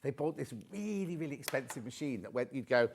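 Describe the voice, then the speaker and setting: A man's voice: mid-range voice, expressive, a little fast, gravelly, slight background noise. A man presenting on a live shopping channel, chatty and rambling with joking asides.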